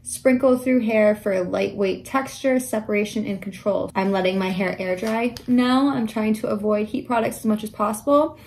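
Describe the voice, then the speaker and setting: A woman's voice: mid-range voice, steady tone, moderate pace, hardly any pauses, a little mellow. Chatty young woman vlogger. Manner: chatty and enthusiastic, often drops to a whisper. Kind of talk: casual haul vlog.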